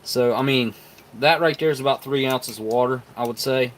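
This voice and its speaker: A man's voice: medium pitch, normal speed, a little hiss or hum. A man hosting a live stream, chatting casually and folksily to viewers as he tastes and mixes food and drinks. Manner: chatty, folksy, talks to viewers while tasting. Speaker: live stream host reviewing military rations.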